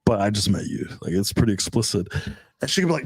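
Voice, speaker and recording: A man in his thirties, a dating coach, telling crude stories in casual podcast talk and acting out the dialogue with big swings in pitch. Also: lively intonation, very fast, darkish tone, breathy edge.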